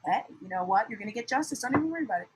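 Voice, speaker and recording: A young woman talks through a tarot reading in a loose, animated way. Her voice sits high, dropping to near mutters and then bursting out loud, with frequent laughs and blunt language. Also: racing, background noise. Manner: animated, swings from soft mutters to shouts, laughs often, swears. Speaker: tarot reader. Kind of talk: casual tarot reading monologue.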